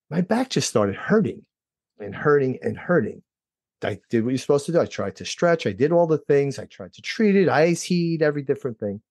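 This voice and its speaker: A middle-aged man from New Jersey, a guest telling his own story in a lively way and acting out quoted dialogue with jumps in pitch. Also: no room sound, studio quality. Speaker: interview guest. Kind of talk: personal storytelling.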